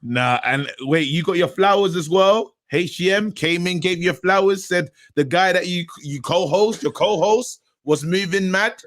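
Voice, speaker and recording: A man's voice: high-pitched, normal speed, few pauses, a bit bright, no echo, studio quality. A man hosting a casual boxing stream, joking around and reading chat comments aloud. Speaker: podcast host.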